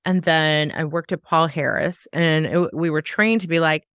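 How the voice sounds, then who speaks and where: A woman's voice: low voice, fairly even intonation, moderate pace, a bit bright, clean tone, dry recording. A woman hosting a podcast, chatting casually and acting out quoted voices with animation. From American South. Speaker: podcast host. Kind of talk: casual interview chat.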